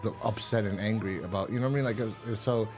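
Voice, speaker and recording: A man's voice: quick pace, music in the background. A man hosting a podcast, chatting casually and profanely through an episode review, breaking into quoted lines. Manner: rambling, profane, acts out quotes in a higher voice. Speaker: podcast host.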